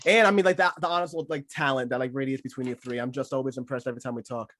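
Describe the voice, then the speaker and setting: A man's voice: medium pitch, fairly even intonation, racing, fairly bright tone. A man hosting a podcast in casual chat, joking and playful, laughing often. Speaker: podcast host.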